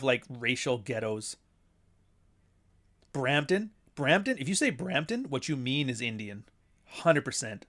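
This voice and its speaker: A man's voice: medium pitch, a bit bright. A man hosting a casual talk show, ranting in an offhand, profane way and chuckling between points. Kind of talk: casual chat.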